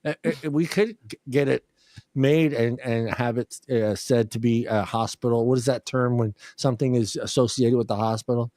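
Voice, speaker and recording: A man's voice: mid-range voice, steady tone, moderate pace, darkish tone, dry recording. A man co-hosting a casual comedy podcast, joking, laughing often and swearing freely. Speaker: podcast co-host.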